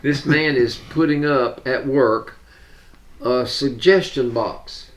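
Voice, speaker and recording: Slow-talking older Southern man telling jokes. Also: mid-range voice. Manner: laughs at his own punchlines. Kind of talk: casual joke telling.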